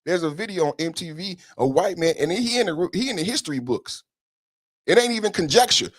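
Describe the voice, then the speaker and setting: A man's voice: high-pitched, animated, a little fast, dry recording, studio quality. A man hosting a solo podcast, ranting in a heated, emphatic way with frequent profanity. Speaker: podcast host.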